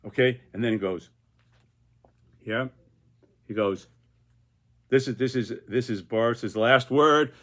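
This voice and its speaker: A man's voice: mid-range voice, slow, long pauses, fairly bright tone. An older man who is a political cartoonist, talking through his cartoon in a rambling, casual way with many repeated restarts. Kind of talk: casual video commentary.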